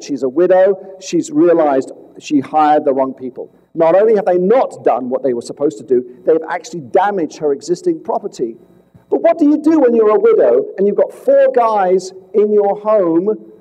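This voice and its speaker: A man investigating fraud, telling a case to police as a dramatic story with rhetorical questions, swinging between loud points and hushed asides. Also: a little high, low-quality recording. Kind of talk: storytelling presentation to an audience.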